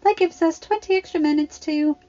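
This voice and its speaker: A woman voicing a bossy, know-it-all teenage girl witch who talks briskly and fussily. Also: very high-pitched, dark tone, pitched above the performer's own voice. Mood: eager. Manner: brisk, eager, fussy. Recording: slightly dull home recording.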